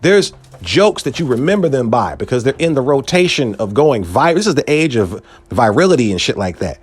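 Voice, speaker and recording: Animated man ranting on a podcast. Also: a little fast, husky, no room sound. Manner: animated, swings pitch up for emphasis, profane street slang. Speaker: podcast host. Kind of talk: casual monologue commentary.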